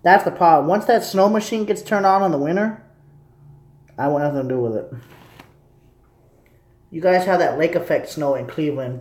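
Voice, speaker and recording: A young man rambles to his live viewers, repeating himself and chatting loosely. His voice sits a little high, and the recording has a roomy echo. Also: darkish tone. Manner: rambling, repetitive, talking to viewers. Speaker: streamer. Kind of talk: casual live commentary.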